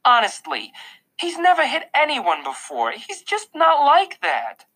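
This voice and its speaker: A man reading an audiobook voices an upset, exasperated mother, pushing his voice high and pleading. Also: wildly swooping pitch, measured pace, bright, forceful tone, full character voice.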